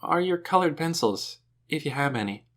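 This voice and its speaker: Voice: medium pitch, animated, moderate pace, a bit bright, pitched above the performer's own voice, lightly acted. A man voicing an earnest, determined young girl who speaks politely and firmly.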